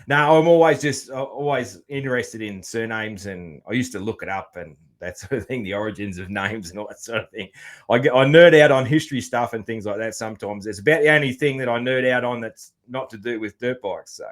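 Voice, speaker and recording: A relaxed Australian man hosts a casual podcast chat at a middling pitch. He talks loosely, with plenty of "you know" and the odd swear word. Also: fairly quick. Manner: laid-back, swears freely, many fillers. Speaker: podcast host.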